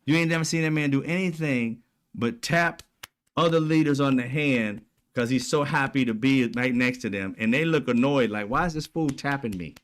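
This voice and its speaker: A man's voice: mid-range voice, normal speed, clear, resonant tone. A man hosting casual political commentary, talking bluntly with profane slang and a mocking, sarcastic edge. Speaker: commentary channel host.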